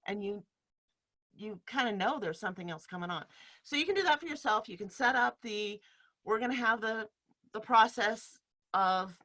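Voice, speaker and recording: Bright-voiced woman leading an online workshop. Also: fairly high pitch, moderate pace. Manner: explanatory, demonstrates speech patterns, laughs easily. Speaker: workshop leader. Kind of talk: teaching a live online workshop. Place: home room in front of a bed sheet. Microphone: video call.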